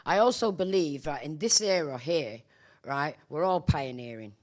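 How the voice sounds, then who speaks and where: A woman's voice: deep voice, expressive, moderate pace, a little mellow. A woman speaking as a guest at a live panel discussion, reflective and spiritual, often adding "right?".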